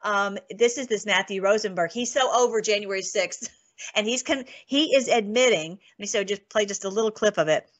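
A woman hosts her show in an eager, excitable way, often laughing and restarting her sentences. Her pitch sits in the middle range. The sound is dull and lo-fi. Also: normal speed. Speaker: online show host. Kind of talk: casual commentary and scripture reading.

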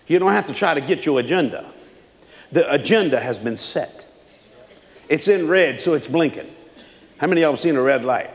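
A man's voice: a little high, normal speed, long pauses. Man preaching a sermon, bouncy and jokey, lots of ups and downs in his voice, big echoey church hall. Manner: animated, playful, swings from loud to hushed. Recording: long reverb of a large hall.

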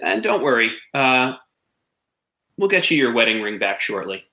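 A man's voice: medium pitch, sing-song, moderate pace, bright, forceful tone, echoey room, rough recording. A man voicing a stern middle-aged police detective in a tabletop game, polite but firm.

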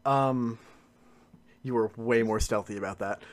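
A man narrating as game master of a tabletop game, casual and full of fillers. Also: medium pitch. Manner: casual and filler-heavy, lots of "uh" and "like", quick to laugh.

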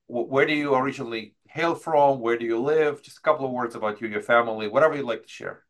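A man's voice: mid-range voice, fast talker. Podcast host man, loose friendly questions. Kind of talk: casual interview chat.

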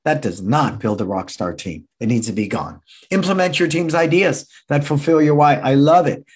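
Husky sixty-year-old man giving an energetic seminar talk. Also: a little high, normal speed. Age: 60s. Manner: energetic, repeats key phrases, acts out quoted voices. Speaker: martial arts school owner and speaker.

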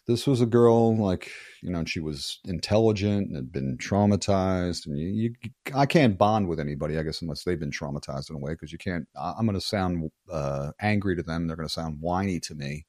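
A man's voice: deep voice, fairly quick, few pauses, a little mellow, dry recording, studio quality. Blunt, profane man in his sixties. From United States. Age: 60s. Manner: blunt, profane storytelling with rambling restarts. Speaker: guest. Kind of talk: casual podcast interview.

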